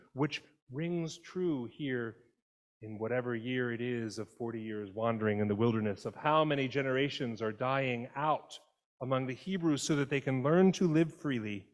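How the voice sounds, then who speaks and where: A man preaching a sermon in a conversational, expressive way, voicing quoted lines as he goes. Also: mid-range voice, moderate pace. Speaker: pastor. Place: church sanctuary. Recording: long church reverb.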